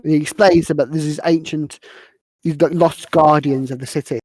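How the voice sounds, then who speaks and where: A woman's voice: low voice, fairly even intonation, normal speed, a little mellow, slightly rough, no room sound. A woman hosting a podcast, casually retelling a movie's plot with lots of fillers. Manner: rambling, filler-heavy retelling of scenes. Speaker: podcast host. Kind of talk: casual movie recap chat.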